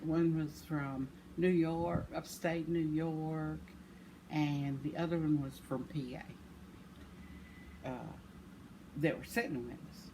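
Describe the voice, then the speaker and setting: An older woman, casually telling a rambling story with self-deprecating chuckles. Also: sits low. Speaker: vlogger. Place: home. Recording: noisy home recording.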